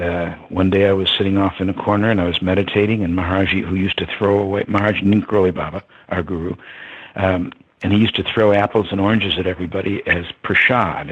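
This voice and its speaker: An older man with a husky voice, reflectively telling a story as an interview guest. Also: deep voice, fairly even intonation, fairly quick. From United States. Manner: reflective, with many ums and soft laughs. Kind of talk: storytelling in conversation. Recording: dull lo-fi sound.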